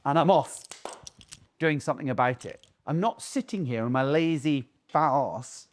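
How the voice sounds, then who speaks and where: A middle-aged man talks to camera as a dog trainer, blunt and casual. He is animated and keeps acting out owners calling their dogs. His speaking voice sits a little high for a man. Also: moderate pace.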